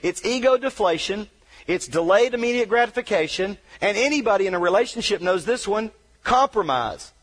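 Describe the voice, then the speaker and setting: High-voiced man telling a dramatic story. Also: expressive, fairly quick. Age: adult wheelchair user, paralyzed from injury. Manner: dramatic storytelling, swings from hushed to shouting; self-deprecating humor. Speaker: motivational speaker. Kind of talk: motivational speech.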